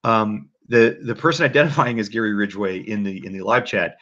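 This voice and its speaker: A man hosting a casual livestream commentary, rambling and animated, with frequent restarts. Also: on the low side, a little fast. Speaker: livestream host. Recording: dull lo-fi mic.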